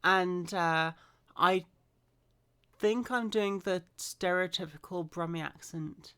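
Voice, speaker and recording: A woman from Birmingham reading the Bible aloud unhurriedly and musing with quiet hums and asides. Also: on the low side, slow pace, smooth. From Birmingham, England. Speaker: scripture reader.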